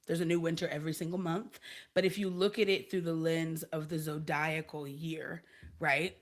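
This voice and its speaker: A woman's voice: low voice, little pitch movement, normal speed. A woman hosting a casual channeled livestream about moon cycles and leadership, who laughs often and reads out viewer comments as she talks. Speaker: host.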